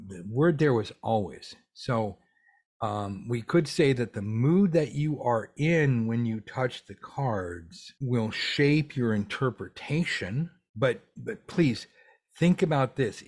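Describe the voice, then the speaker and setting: A man teaching a live tarot workshop, answering viewer questions in an animated, casual way with jokey asides and some swearing. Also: mid-range voice, husky.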